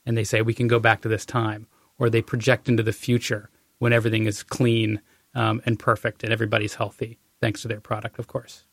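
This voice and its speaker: Gravelly man talking thoughtfully. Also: lowish voice, level tone, a little fast, dry recording, clean studio sound. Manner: thoughtful, hesitant restarts. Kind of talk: casual interview talk.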